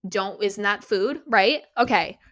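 A woman's voice: mid-range voice, slow pace. Candid young woman telling a story. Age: 20s. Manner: animated and candid, with many fillers and restarts. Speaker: podcast host. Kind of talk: casual personal storytelling.

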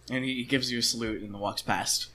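A man narrating as game master of a tabletop game, halting and repeating words as he describes scenes. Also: mid-range voice, steady tone, sharp tone, a little hiss or hum.

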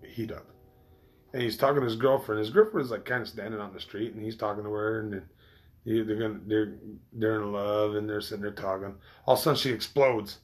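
A man's voice: on the low side, a bit bright. Rambling, profane man chatting casually. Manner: rambling, loose and profane, with many restarts. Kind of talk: casual chat.

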